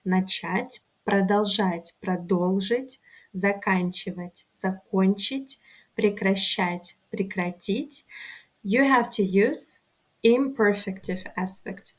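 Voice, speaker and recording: A woman teaching an online grammar lesson, speaking carefully and pronouncing each example word deliberately. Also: medium pitch. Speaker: language teacher.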